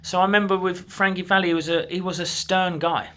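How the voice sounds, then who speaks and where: A man's voice: high voice, little pitch movement, quick pace, bright, forceful tone. A man, a coach, giving an earnest, encouraging motivational talk straight to the viewer from his desk. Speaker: manifestation coach. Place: at a desk in his own room.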